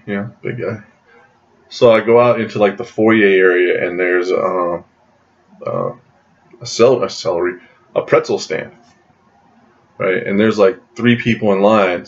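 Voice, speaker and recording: A man casually telling a long personal story to his camera, rambling with restarts and laughing often, in a dull lo-fi recording. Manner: jumps high in pitch when acting out his own surprise.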